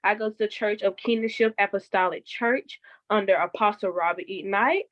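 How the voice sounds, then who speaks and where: Bubbly teen girl co-host, excited, kinda muffled sound. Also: medium pitch, normal speed. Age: late teens.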